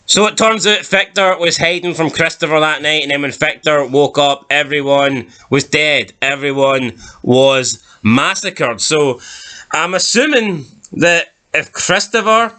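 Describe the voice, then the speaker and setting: A man's voice: a little high, measured pace, bright, forceful tone. A man co-hosting a casual TV review chat, recapping plot points in a dry, skeptical way. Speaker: TV review podcast co-host.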